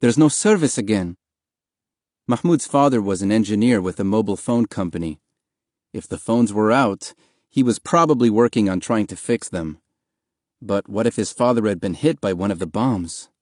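A man narrating an audiobook in a steady, measured storytelling manner, recorded on a close studio mic. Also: lowish voice, no room sound.

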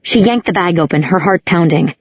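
A woman's voice: on the low side, a little fast, slightly rough, dry recording, lo-fi sound. A woman narrating an audiobook, reading every character herself with small changes of voice. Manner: reads all characters with small voice shifts. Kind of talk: scripted narration.

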